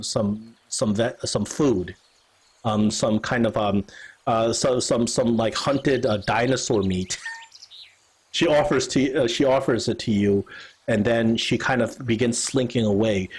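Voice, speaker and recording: A husky-voiced man runs a tabletop game, narrating at a middle pitch. He rambles, stopping and restarting with lots of fillers. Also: low-quality recording. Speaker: game master.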